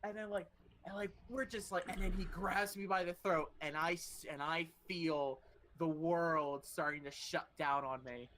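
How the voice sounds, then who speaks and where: Bright-voiced podcast host telling a story. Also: mid-range voice, normal speed, a little hiss or hum. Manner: animated, swears freely, many fillers. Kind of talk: casual storytelling.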